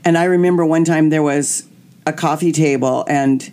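A woman's voice: low voice, normal speed. A woman guest candidly telling a personal story, acting out what people said. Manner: animated, acts out quotes.

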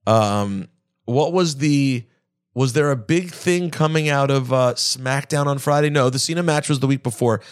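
This podcast co-host has a mid-range, clean-toned voice and talks at a moderate pace. Chatting casually, he thinks out loud, using fillers and restarting his sentences.

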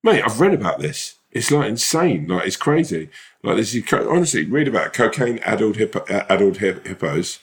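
A man's voice: on the low side, very animated, a little fast. A young man, an actor and podcast co-host, rambling casually with lots of fillers and swearing. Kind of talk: casual chat.

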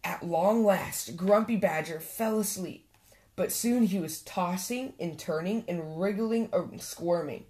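A woman hosting a storytime channel, reading a children's picture book aloud with gentle expression. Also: fairly low pitch, unhurried. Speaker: storytime host and reader.

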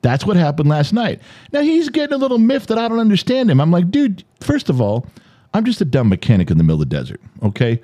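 An American man hosting a podcast, telling stories in a casual, animated way and swearing freely. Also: fast talker, no room sound. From United States. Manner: animated, jumps high in pitch for quoted lines, swears freely. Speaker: podcast host. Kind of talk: casual storytelling chat. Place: home studio.

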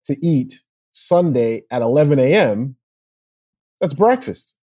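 A man chatting on a podcast in an easygoing, joking way. His voice is mellow and warm at a middling pitch. The recording is close and dry. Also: lively intonation, slow, no room sound. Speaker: podcast co-host. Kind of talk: casual chat.

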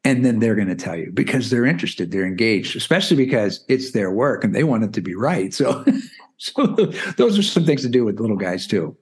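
A man's voice: on the low side, sing-song, brisk. A man in his forties talking as a guest on a podcast interview, explaining in a chatty way with lots of "you know" and "right?". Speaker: guest, math curriculum founder.

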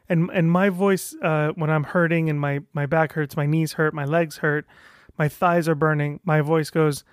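Frank, rambling male vlogger; plain voice a touch high, close and dry. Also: steady tone, normal speed, no room sound. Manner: rambling, restarts often, frank with mild profanity. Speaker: vlogger sharing his own experience. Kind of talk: casual talk to camera.

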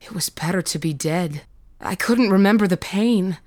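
A woman voicing a boy brought back from death, bitter and despairing, talking quietly and hollowly. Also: on the low side, moderate pace, no echo, natural voice. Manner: quiet and hollow, breaking into screams.

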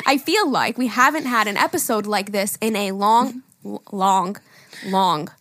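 A woman from New York co-hosting a podcast, chatting casually, laughing often and swearing as she rambles fast. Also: medium pitch, a bit bright, no echo. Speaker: podcast co-host. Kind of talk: casual chat. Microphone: studio mic.

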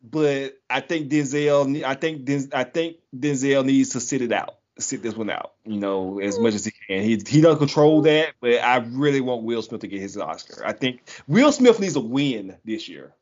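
A man's voice: mid-range voice, animated, moderate pace, few pauses, darkish tone. A man hosting a casual podcast, running through lists and chuckling easily. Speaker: podcast host. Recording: dull lo-fi sound.

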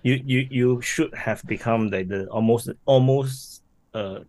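Halting man full of fillers. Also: mid-range voice, darkish tone. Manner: halting, many fillers and repeated words. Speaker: podcast guest, managing editor of a defense media channel. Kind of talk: casual chat.

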